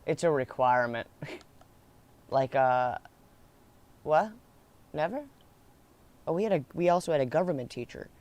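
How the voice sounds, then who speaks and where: A man's voice: fairly high pitch, lively intonation, measured pace, pauses often, darkish tone, highs cut off. A young man telling a school story in a rambling, casual way, laughing and swearing as he goes.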